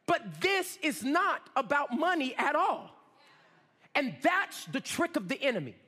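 A male pastor preaching a sermon, swinging between shouts and low asides. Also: sing-song, a little slow, long reverb tail. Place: church sanctuary.

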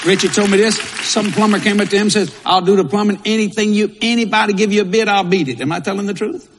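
Against a faint crowd and long hall reverb, a man with a high, steady voice preaches quickly. He's a pastor delivering a folksy, repetitive sermon peppered with Southern expressions.

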